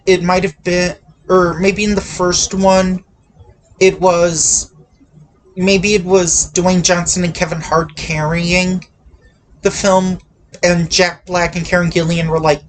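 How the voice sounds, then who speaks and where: A man hosting a casual movie chat, talking haltingly with many restarts and hedges. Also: sits high, steady tone, a little hiss or hum. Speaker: podcast host.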